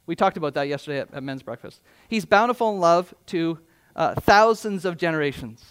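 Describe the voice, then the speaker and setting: High-voiced man preaching a sermon. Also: expressive, brisk, clean tone. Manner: conversational, emphatic preaching with rhetorical questions. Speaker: pastor. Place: church.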